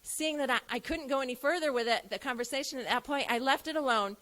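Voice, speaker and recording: A woman in her thirties tells a personal story to a listening audience. She speaks earnestly, in a voice a little higher than most, and slips into the voices of herself and her son as she recounts their talks. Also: fast talker, a bit bright. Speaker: event speaker.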